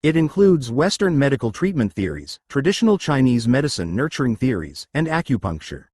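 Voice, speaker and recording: This exercise instructor speaks briskly and very animatedly in a mid-range, slightly mellow voice with a breathy edge. He explains the lesson and keeps asking whether people are keeping up, in a dry, clean studio recording.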